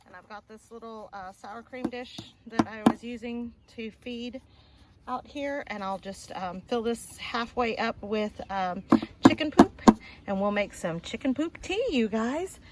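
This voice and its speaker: A woman's voice: fairly high pitch, unhurried, very noisy. A woman homesteader casually vlogging outdoors at a chicken coop, chatty and laughing, cooing at her animals. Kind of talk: casual vlog narration.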